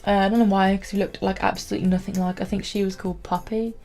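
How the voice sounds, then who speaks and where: A woman's voice: medium pitch, little pitch movement, fast, darkish tone. Brief: young woman, chatty and rambling vlog storytelling, faint music underneath. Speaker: vlogger. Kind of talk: casual storytelling to camera.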